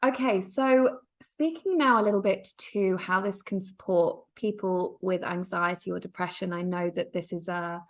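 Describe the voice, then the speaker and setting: Friendly low-voiced woman host. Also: fairly even intonation, moderate pace, hardly any pauses. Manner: affirming, friendly questioning. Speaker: podcast host. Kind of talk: podcast interview.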